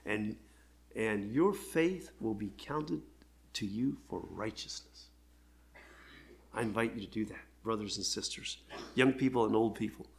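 An older man, a pastor, preaching an earnest, heartfelt sermon with pauses. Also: lowish voice, creaky, a little hiss or hum.

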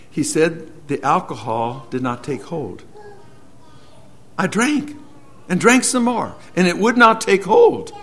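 A man preaching a sermon as an earnest storyteller, moving between loud emphasis and hushed, slowed lines. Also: mid-range voice, a little hiss or hum.

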